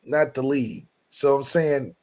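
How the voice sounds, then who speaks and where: A man hosting a sports podcast, making mock-serious, deadpan arguments in casual banter. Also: medium pitch, unhurried. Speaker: podcast host.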